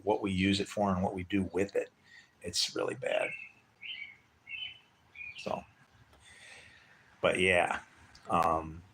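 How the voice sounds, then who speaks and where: A man's voice: low-pitched, noisy background. A man telling a rambling personal story on his vlog, chatty and loose, full of asides that check in with the listener. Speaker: vlogger.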